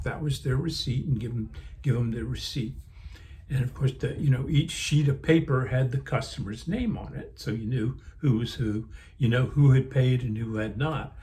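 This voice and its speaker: A man's voice: mid-range voice, dark tone. Older man rambling through a memory. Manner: rambling, unhurried, many fillers and restarts. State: yawning, sleepy. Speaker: vlog host. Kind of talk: casual reminiscing.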